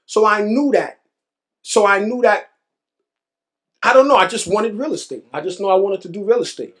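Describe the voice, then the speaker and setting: A man from New York, a real estate investor, telling his story in an animated interview, repeating phrases and acting out other people's words. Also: high voice, moderate pace. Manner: animated, repeats phrases, acts out quoted voices.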